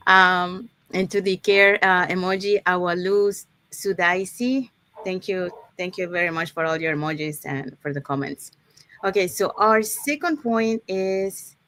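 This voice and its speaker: A woman's voice: medium pitch, a bit bright. A woman presenting an unscripted live online workshop, explaining points step by step and often checking in with the audience by asking "okay?". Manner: unscripted, with fillers and restarts.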